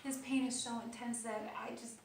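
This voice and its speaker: A woman vlogging about her illness in her kitchen, telling her story with animated gestures and sometimes dropping to a quiet whisper. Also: fairly high pitch, moderate pace. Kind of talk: personal video diary. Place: kitchen of an old house. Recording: roomy, distant mic with faint noise.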